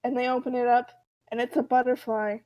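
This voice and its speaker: A woman co-hosting a casual podcast, retelling a comic with animated voices for the characters. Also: a little high, fairly quick, rough recording. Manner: animated storytelling, acting out characters' lines. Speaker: podcast co-host.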